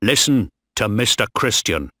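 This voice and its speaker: A cold, threatening sailor in a storybook , as a man puts him on. He speaks low and quiet, with slow menace, in a dry, close recording. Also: animated, no room sound, heavily acted. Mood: menacing.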